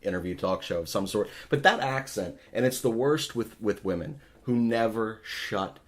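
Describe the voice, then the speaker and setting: A man's voice: fairly low pitch, normal speed. A man hosting a podcast, ranting in a profane, exasperated way in casual talk. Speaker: podcast host.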